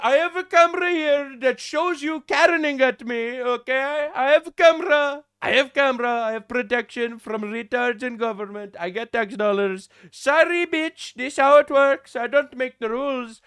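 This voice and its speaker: A man putting on a sneering, loud, high-pitched lazy cop. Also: normal speed, few pauses, clean tone. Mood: taunting. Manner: sneering, taunting, exaggerated. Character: rude lazy male city cop, mocked.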